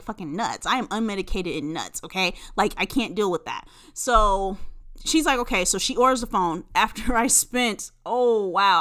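A woman hosting a casual solo podcast, telling stories in a profane, animated way, jumping from loud outbursts to low muttering. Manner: profane, animated storytelling with big swings between loud bursts and low mutters. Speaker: podcast host.

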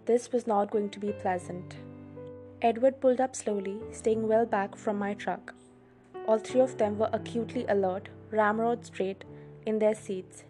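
A woman hosting a read-along show, reading a novel aloud with expressive storytelling. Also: mid-range voice. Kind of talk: audiobook reading.

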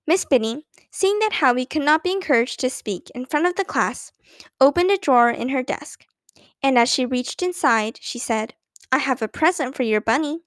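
A woman reading a children's story aloud with clear, expressive narration. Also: high-pitched, normal speed, no echo. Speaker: audiobook narrator.

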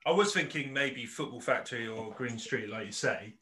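A man's voice: medium pitch, lively intonation, normal speed, pushed and bright, breathy edge. A man co-hosting a casual film podcast, chatty and laughing often. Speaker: podcast co-host. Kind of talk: casual chat.

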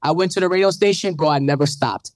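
A man's voice: on the high side, fast talker, dry recording. Guy telling his story like a preacher, gets fired up, dry mic. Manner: preacherly, building to fervent rising calls. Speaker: radio show host. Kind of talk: animated testimony in an interview.

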